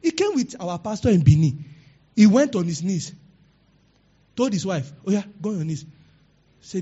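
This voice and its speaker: A male preacher delivers a lively sermon and acts out the people in his stories. His voice sits high and swings widely in pitch, with a husky edge. The recording is dull and lo-fi. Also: normal speed, long pauses. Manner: animated preaching, acting out quoted people. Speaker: pastor.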